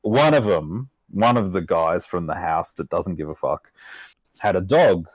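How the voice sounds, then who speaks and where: A man's voice: low-pitched, animated, measured pace, a crowd in the background. An Australian man telling a rambling story on a podcast, swearing constantly and laughing as he goes. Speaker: podcast co-host. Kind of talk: casual storytelling chat. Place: podcast recording room.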